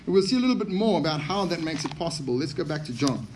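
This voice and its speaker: A man's voice: a little high, animated, quick pace, a little hiss or hum. A man preaching a sermon, emphatic and often repeating key phrases for stress.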